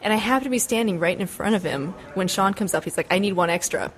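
Giggly woman, lively up-and-down voice, excitable chatter, fan telling her story. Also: medium pitch, quick pace. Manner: giggly, gushing, acts out her own reactions. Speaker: fan and film extra. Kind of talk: excited casual chat.

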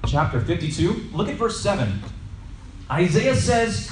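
A man teaching scripture as a Bible teacher, lively and animated, sometimes acting out shouting scenes. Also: high-pitched, slow pace, long pauses. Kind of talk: teaching sermon. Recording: echoey room, voice from a distance.

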